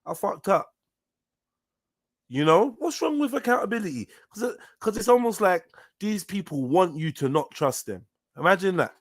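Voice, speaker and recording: A man's voice: sits high, moderate pace, no echo, studio quality. Slangy London man reacting live. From South London, England. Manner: animated, slangy, incredulous. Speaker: podcast host. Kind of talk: live reaction to a played clip.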